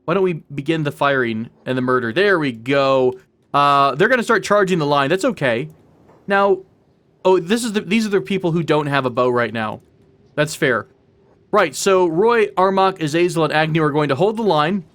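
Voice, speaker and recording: A man's voice: on the high side, lively intonation, normal speed, fairly bright tone. A man hosting a let's play, chatting casually and playfully to viewers while he plays. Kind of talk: casual gameplay commentary.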